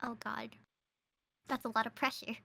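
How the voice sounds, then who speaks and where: A woman's voice: a little high, little pitch movement, moderate pace, creaky, sharp tone. A woman guest streamer in casual chat, giggling often as she talks.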